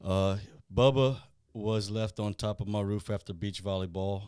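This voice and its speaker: A man, hosting a casual podcast and talking in a blunt, profane, animated way. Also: lowish voice, normal speed, clean tone, no echo, studio quality. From South Louisiana. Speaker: podcast host.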